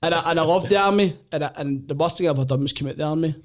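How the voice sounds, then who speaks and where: A man with a Glaswegian accent, a comedian and former soldier, telling animated stories in casual chat and laughing often. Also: on the high side, very fast. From Glasgow, Scotland. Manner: animated, laughs often, acts out voices in anecdotes.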